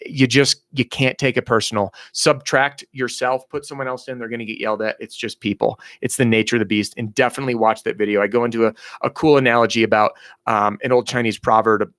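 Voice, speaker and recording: An energetic man in his thirties coaches salespeople live, blunt and motivational. His voice sits in a middle pitch and sounds dry and close, with no room around it. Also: quick pace, no echo. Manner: energetic, blunt, motivational, acts out quoted dialogue. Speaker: sales trainer hosting a live Q&A.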